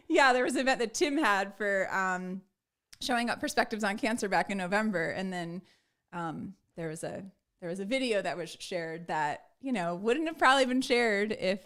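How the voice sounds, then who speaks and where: A woman's voice: mid-range voice, clean tone. A woman hosting a live online show, effusive and gushing, with many fillers. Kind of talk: casual live-stream chat.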